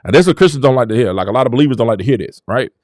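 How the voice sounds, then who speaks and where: A man hosting his own show, delivering a fervent, preaching-style motivational talk that swings from low murmurs to shouted exclamations. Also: expressive, racing, no room sound. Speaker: show host.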